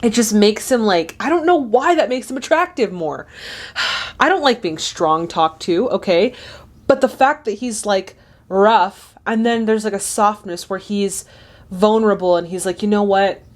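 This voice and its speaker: A woman's voice: mid-range voice, expressive, measured pace. A young woman hosting a casual movie reaction, chatty and gushing, often laughing.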